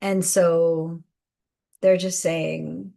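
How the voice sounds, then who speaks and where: Slow soft-spoken woman giving guidance. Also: fairly low pitch, level tone, creaky. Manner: slow, soft-spoken, repeats phrases with many fillers. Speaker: intuitive guidance host. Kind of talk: live spiritual guidance session.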